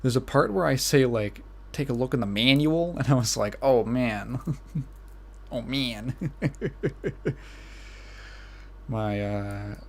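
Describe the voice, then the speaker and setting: A man's voice: mid-range voice, lively intonation, a little slow, vocal fry, pauses often. A young man with a Midwestern American accent hosting a solo podcast, rambling casually and laughing at his own asides. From Illinois. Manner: rambling, self-amused, laughs often. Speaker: podcast host.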